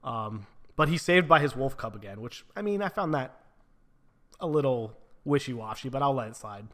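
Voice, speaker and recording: A man's voice: medium pitch, fairly bright tone. A man giving a casual spoken book review, retelling the plot with frequent swearing and lots of filler words.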